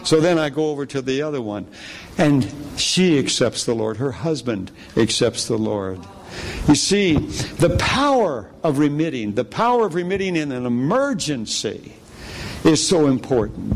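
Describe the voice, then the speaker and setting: Gravelly-voiced man preaching a story. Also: big pitch swings, measured pace. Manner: storytelling, acts out quoted voices with pitch jumps. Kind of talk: sermon with personal testimony.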